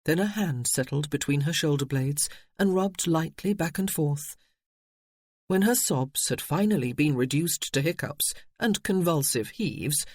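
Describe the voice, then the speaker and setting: A man reading a novel aloud in steady audiobook narration. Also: fairly high pitch, no echo, clean studio sound.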